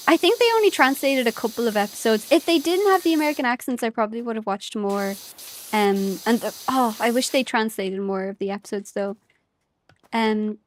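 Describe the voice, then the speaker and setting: A young woman from Ireland chats with her viewers while streaming a game, her high voice bubbling with giggles. She rambles from one thought to the next and playfully catches and corrects her own slips. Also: a little hiss or hum. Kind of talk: casual gameplay chat with viewers.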